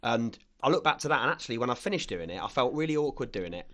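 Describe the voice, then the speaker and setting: A man's voice: medium pitch, very animated, fast talker, fairly bright tone. A man hosting a podcast, talking earnestly and reflectively in casual chat. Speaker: podcast host.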